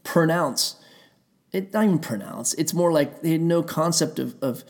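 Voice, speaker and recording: A man's voice: on the high side, expressive, brisk, a little mellow. A man telling a heated, rambling story in a casual rant, swearing often and circling back on himself. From Pennsylvania.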